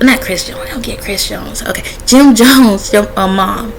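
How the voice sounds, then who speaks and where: A woman's voice: mid-range voice, unhurried, gravelly, faint music behind, low-quality recording. A woman talking casually in a vlog, relaying messages she says come from spirits and stopping to ask them yes-or-no questions. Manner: chatty with frequent fillers and laughter. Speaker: spiritual messenger vlogger.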